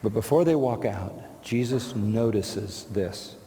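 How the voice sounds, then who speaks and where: A man's voice: lowish voice, animated, slow, dark tone, a little hiss or hum. A man preaching a sermon, emphatic and rhetorical, answering imagined objections with short, repeated phrases. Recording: long reverb of a large hall.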